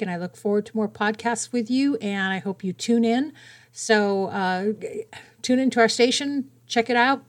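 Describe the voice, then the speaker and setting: A middle-aged woman hosting a podcast, telling an emotional personal story with earnest feeling and acting out the quoted shouts. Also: medium pitch. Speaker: podcast host.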